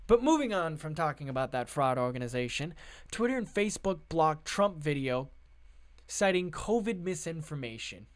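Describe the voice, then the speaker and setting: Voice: medium pitch, big pitch swings, moderate pace. A sarcastic political commentator who reads out news and breaks into profane rants. The delivery is heated, mocking and full of rhetorical questions.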